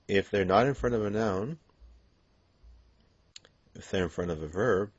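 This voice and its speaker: Male language teacher, low voice, unhurried delivery, dull lo-fi lecture audio. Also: darkish tone, dry recording. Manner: patient, explanatory, frequent "okay" and "um". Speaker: Spanish teacher. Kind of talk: classroom grammar lesson.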